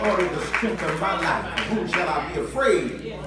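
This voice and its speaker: A man preaching a sermon, building from quiet talk into shouted call-and-response to the congregation. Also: high voice, normal speed, a loud crowd. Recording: echoey church from far off.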